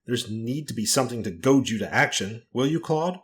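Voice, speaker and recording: A middle-aged woman who talks firmly and insistently, pressing her point with indignation, as a man puts her on. She sits somewhat higher and louder than the narrator's plain voice. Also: expressive, fairly quick, close to an everyday voice. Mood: indignant. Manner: insistent and forcible.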